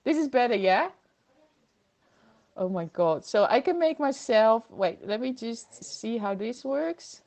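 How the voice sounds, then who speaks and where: Woman host, high voice, chatty livestream talk into a computer mic, reads out viewer comments. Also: lively intonation, takes it slowly, darkish tone. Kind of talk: casual livestream chat. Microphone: computer microphone.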